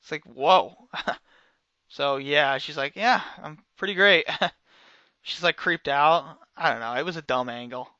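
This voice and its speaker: A young man reviewing a wrestling show, talking casually and sarcastically and swinging between loud outbursts and quiet mutters. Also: mid-range voice, fairly even intonation, unhurried, smooth, dry recording, highs cut off.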